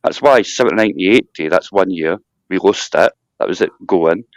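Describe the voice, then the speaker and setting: A Scottish man hosting a casual live chat, talking in an animated, rambling rant with mocking asides. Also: sits low, normal speed, no echo. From Scotland. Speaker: live stream host.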